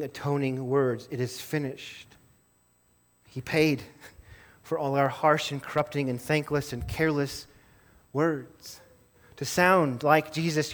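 A man preaching a sermon as pastor, earnest, rising to emphatic stress and then dropping low and soft.

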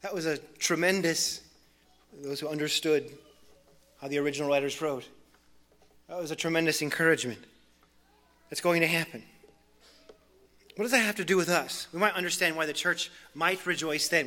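A man with a bright, forceful voice, pitched a touch above the usual, preaches a sermon. He is earnest, climbing in intensity through lists before easing down soft. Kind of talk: expository sermon.

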